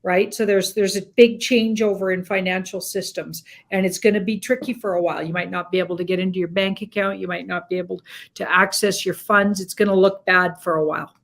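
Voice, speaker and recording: A woman's voice: medium pitch, fairly even intonation, a little fast, a bit bright. A woman doing a casual tarot reading on a live show, rambling and hedging with "like". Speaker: tarot reader.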